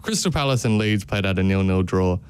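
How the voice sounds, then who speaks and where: A young man co-hosting a radio football show, chatting in a rambling, animated way. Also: sits low, a little fast, smooth. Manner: animated, rambling, laughs often. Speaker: podcast co-host. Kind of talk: casual football chat.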